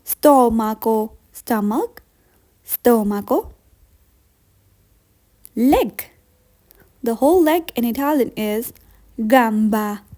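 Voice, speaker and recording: A woman teaching a beginner vocabulary lesson, saying each word slowly and carefully and repeating it with patient encouragement. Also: a little high, expressive, dark tone. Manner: slow, careful repetition of words. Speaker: language teacher.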